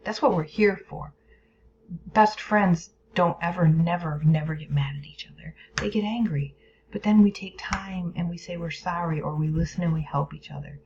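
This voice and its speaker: Gravelly-voiced woman teaching a lesson. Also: fairly low pitch, moderate pace, a little mellow, a little hiss or hum. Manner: explains with playful whispered asides and acted inner voices. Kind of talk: educational video lesson. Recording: dull lo-fi recording.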